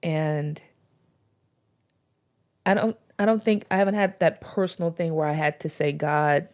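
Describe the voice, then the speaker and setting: A woman's voice: lowish voice, steady tone, normal speed, a little mellow. A woman talking earnestly about faith in a casual podcast chat, with informal slang. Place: podcast recording.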